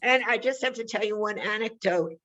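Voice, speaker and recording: A woman guest of honor on a video call, telling an anecdote in an animated way. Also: a little high, a little fast, rough recording. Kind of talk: casual anecdote.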